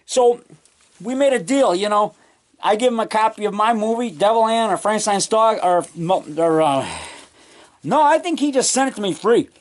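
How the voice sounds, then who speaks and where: A man rambling excitedly in a casual home vlog, full of restarts and trailing thoughts, recorded on a camcorder in his basement. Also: high voice, normal speed. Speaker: low-budget monster moviemaker. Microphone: camcorder mic.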